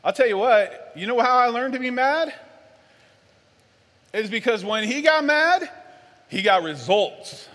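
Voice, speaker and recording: A man preaching a sermon, animated, swinging from low and earnest to loud and worked-up. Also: measured pace, long pauses. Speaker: pastor. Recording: long hall reverb.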